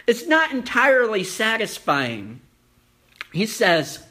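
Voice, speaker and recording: A male pastor preaches slowly and deliberately. His high voice sounds bright and forceful. He tells stories earnestly and poses rhetorical questions. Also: wildly swooping pitch. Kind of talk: sermon.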